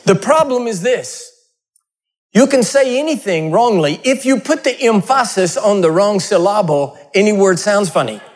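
A male preacher with a fairly high voice delivers a sermon. He talks in a loose, conversational way and keeps the congregation laughing with humorous stories. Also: lively intonation, moderate pace.

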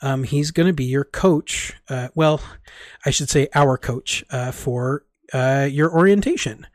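A man voicing a friendly, playful male team leader who talks in a relaxed, slightly halting way. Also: medium pitch, no room sound, studio quality, natural voice.

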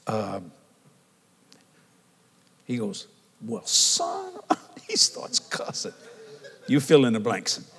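A man's voice: fairly low pitch, slow, long pauses. Older man preaching in a reverberant hall. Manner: animated storytelling, calls and responses with the congregation. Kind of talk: sermon.

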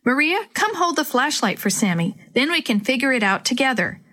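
A woman reading aloud, voicing a worried young boy who speaks softly. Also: high-pitched, very animated, brisk, voice pushed up, full character voice. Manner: soft, subdued. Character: worried young boy searching for his friend.

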